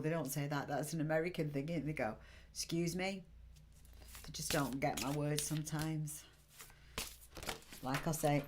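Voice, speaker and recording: An assertive British woman with a low voice hosts a psychic live stream. She is chatty and addresses viewers by name as she gives card readings. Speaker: psychic medium host.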